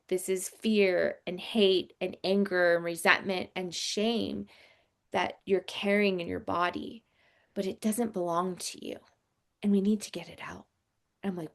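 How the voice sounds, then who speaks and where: A woman in her forties telling a personal story in a casual, animated way, with lots of fillers. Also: on the low side, unhurried. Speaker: podcast guest.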